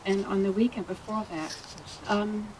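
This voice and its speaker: A woman speaking at a memorial about a friend and tenant, halting and hesitant with fillers. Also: medium pitch, fairly even intonation, noisy background. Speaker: friend giving a eulogy. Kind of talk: memorial speech.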